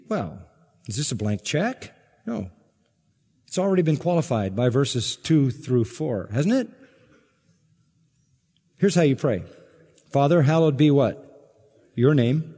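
A man's voice: mid-range voice, sing-song, measured pace, long pauses, mellow, big-room sound. A pastor preaching an emphatic sermon, his voice rising sharply on key words.

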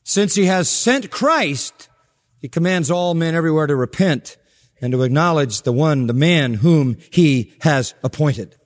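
Emphatic preacher in a reverberant hall. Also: male voice, fairly high pitch, expressive, unhurried. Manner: emphatic preaching with sharp rises and soft drops. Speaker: pastor. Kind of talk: sermon.

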